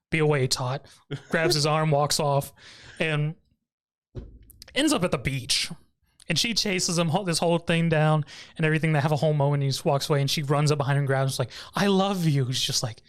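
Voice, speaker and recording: A man co-hosting a podcast, casually recapping an anime episode, laughing often and briefly mimicking the characters. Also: a little high. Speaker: podcast co-host.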